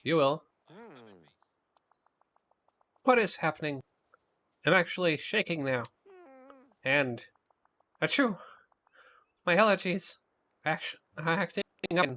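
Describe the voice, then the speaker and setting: A fretful one-eyed monster fellow, as a man reads him aloud, pitched well up and jumpy. He stammers when flustered and sounds nervous about everything. The lines come across as game dialogue read out in a put-on voice. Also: animated, measured pace, long pauses, bright, forceful tone. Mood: panicked.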